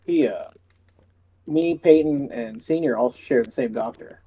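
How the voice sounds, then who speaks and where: A man co-hosting a podcast, chatting casually and telling relaxed stories with an easy laugh. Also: mid-range voice, measured pace, breathy edge. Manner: relaxed storytelling, laughs easily. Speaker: podcast co-host. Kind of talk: casual chat.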